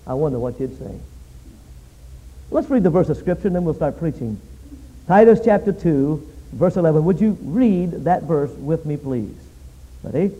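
A male preacher with a high, dark-toned voice delivers a revival sermon in a church, moving from prayer into dramatic storytelling. He swings between loud, emphatic bursts and hushed passages. The recording sounds dull and lo-fi. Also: lively intonation, normal speed. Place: church meeting hall.

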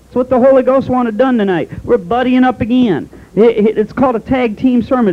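A Southern American preacher man with a very high voice, delivering a sermon. He is folksy and calls the congregation honey while hammering them with rhetorical questions. The sound is a dull, lo-fi tape recording.

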